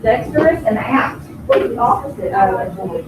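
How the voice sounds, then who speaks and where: A woman teaching a high school vocabulary lesson in a classroom, having students repeat each word. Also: expressive, moderate pace, background noise. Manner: drills pronunciation, asks class to repeat words.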